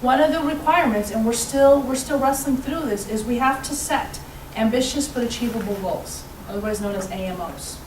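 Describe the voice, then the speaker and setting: A woman who is an education official, explaining policy at a roundtable panel in an animated way with frequent restarts. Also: on the high side, brisk. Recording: distant roomy mic with background noise.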